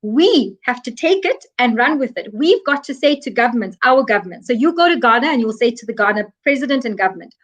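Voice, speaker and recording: An African woman with a high voice speaks as an interview guest. She explains with emphasis and earnest repetition, driving each point home. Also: animated, quick pace, hardly any pauses. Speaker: guest expert on African trade.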